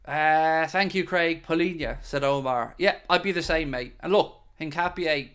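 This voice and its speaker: A man's voice: on the high side, moderate pace, fairly bright tone, clean tone. A man hosting a casual live stream, chatting and answering viewer comments. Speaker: podcast host reading live chat.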